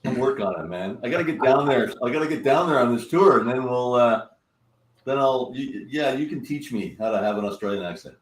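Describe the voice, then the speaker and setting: A man from Canada speaks over a video call, excitable and halting. He sits back from the mic in a roomy space, and his voice has an ordinary pitch. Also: recorded from a distance. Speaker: tour company founder. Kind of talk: casual video call chat.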